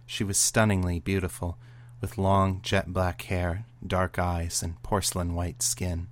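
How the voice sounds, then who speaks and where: A man narrating a serial story in a steady, even reading voice. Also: deep voice, measured pace.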